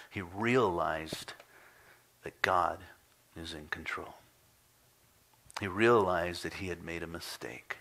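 Male pastor, lowish voice but bright and punchy, dramatic bible reading in church. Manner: dramatic scripture reading, rising to pleading cries then dropping quiet. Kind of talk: expository sermon. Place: church sanctuary.

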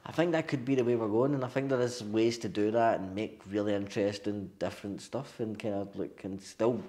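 A Scottish man speaking as a guest writer-director in a casual interview, eager and quick, filling his talk with "man" and "definitely". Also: lowish voice, fairly even intonation, warm tone. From Scotland. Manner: fast, enthusiastic, peppers speech with "man" and "definitely".

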